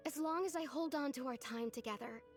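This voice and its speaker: An actress voicing a soft-spoken, wistful young woman in a video game, bravely hiding heartbreak. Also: high voice, brisk, music in the background. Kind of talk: game voice acting.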